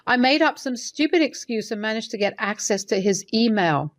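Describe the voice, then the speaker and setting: A woman's voice: on the high side, lively intonation, normal speed, lightly acted. A woman voicing a caring middle-aged mother-in-law who speaks hesitantly and soothingly while reading a story's dialogue. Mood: concerned.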